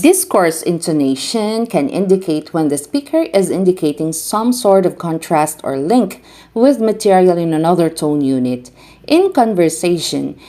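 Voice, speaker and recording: A woman teacher giving a scripted lecture, reading out terms and example word pairs in an even, deliberate way. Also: lowish voice.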